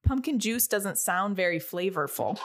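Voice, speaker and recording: Woman co-host, mid-pitched, joking and deadpan, casual. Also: moderate pace. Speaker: podcast co-host. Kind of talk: casual chat.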